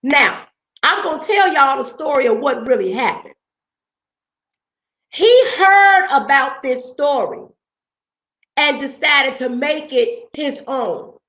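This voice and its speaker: A woman's voice: sits high, lively intonation, slow pace, pauses often, a bit bright. A woman vlog host telling a story in a blunt, profane, confrontational way, often checking in with her listeners. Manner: blunt, profane, keeps asking "okay?". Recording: roomy echo, dull lo-fi sound.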